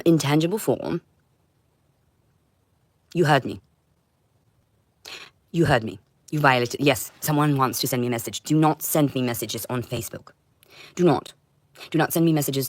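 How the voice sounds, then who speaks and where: In a dry recording, a woman rambles through a livestream monologue in an intense, confrontational manner. Her voice swings from loud outbursts to low muttering.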